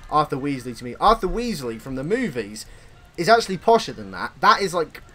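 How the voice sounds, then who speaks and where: An English man with a fairly high voice that rises and falls a lot as he chats on a podcast. He hosts and gives blunt, animated opinions. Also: brisk. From Britain. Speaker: podcast host. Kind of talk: casual podcast chat.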